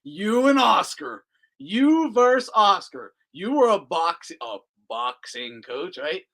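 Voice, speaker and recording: Lively high-voiced mocking man. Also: slow pace, gravelly. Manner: profane, laughs often, mocking. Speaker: host. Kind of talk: casual live commentary.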